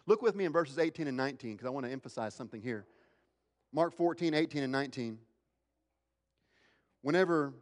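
A male pastor preaching a sermon, swinging between emphatic, raised lines and hushed, slow ones. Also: fairly high pitch, big-room sound.

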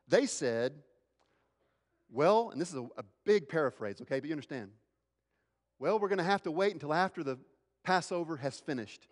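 A male pastor preaching a sermon, swinging between emphatic, raised lines and hushed, slow ones. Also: fairly high pitch, in a large hall.

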